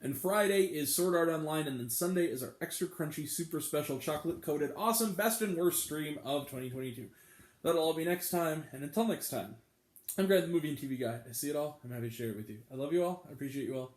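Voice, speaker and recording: Chatty, animated male movie reviewer. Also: a little high, fast talker, echoey room. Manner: chatty and enthusiastic, with bursts of swearing. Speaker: movie review channel host. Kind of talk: casual talk-to-camera review vlog.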